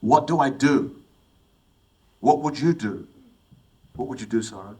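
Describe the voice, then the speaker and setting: A middle-aged man from England, unhurried and warm-toned with a mid-range voice, delivers a motivational talk to young people. He draws on personal stories and quizzes the audience, though the recording quality is low.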